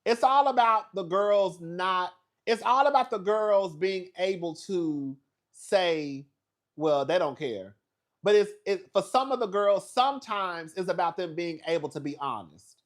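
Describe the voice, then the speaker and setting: A man with a high-pitched voice talks a little slowly while hosting a casual, profane gossip recap of a reality show. He tells stories with sass, dramatic asides and swearing, and laughs often.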